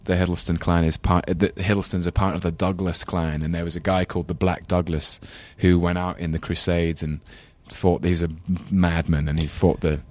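Deep-voiced Englishman with a London accent. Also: little pitch movement, a little mellow, no echo. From England. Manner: rambling, self-deprecating, quick to laugh. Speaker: guest actor. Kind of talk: casual chat.

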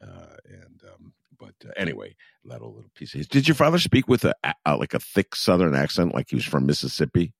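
Host, male, husky and deep, chatty with lots of uh's. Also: wildly swooping pitch, a little fast, few pauses, no room sound, studio quality. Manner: laughs easily, many fillers and restarts. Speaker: interview host. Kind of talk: conversational interview.

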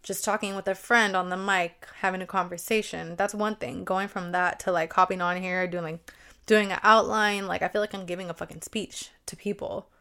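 A woman's voice: lowish voice, steady tone, moderate pace, bright, forceful tone, clean tone. A young woman hosting a solo podcast, chatting casually and swearing often, with many "like"s. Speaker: podcast host.

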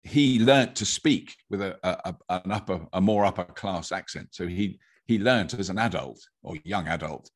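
An English man chatting as a podcast guest, a lively storyteller who restarts sentences and laughs as he goes. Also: sits low, moderate pace. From England. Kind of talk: casual conversation.

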